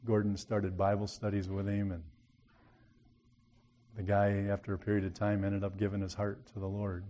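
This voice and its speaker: A preacher delivers a sermon in a low, mellow voice, warm and unhurried, yet completely flat in delivery. He tells his story in a plain, folksy manner, now and then building to an emphatic appeal to his listeners, with slight background noise.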